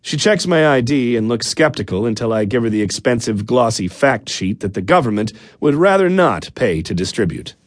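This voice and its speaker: A man narrates a comic first-person audiobook, wry and sardonic. His pitch rises and falls with lively animation. The studio sound is close and dry, with no room tone. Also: normal speed, hardly any pauses, no room sound.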